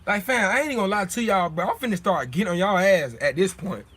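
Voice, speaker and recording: A young man hosts a livestream in a husky, slightly high voice. He preaches in casual street slang and circles back to repeat his points. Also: expressive, fast, fairly bright tone. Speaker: livestream host.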